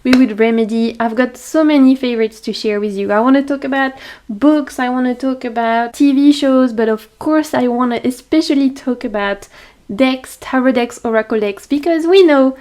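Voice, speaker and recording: A woman with a French accent, chatting brightly to camera in a tarot vlog, laughing often. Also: high voice, normal speed. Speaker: tarot vlogger. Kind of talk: casual chat to camera. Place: home on a tropical island. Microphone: camera facing the speaker.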